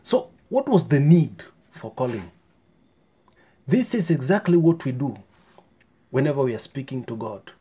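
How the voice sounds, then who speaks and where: A man giving a short, earnest sermon in a calm voice. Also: medium pitch, measured pace, long pauses, breathy edge. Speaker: preacher.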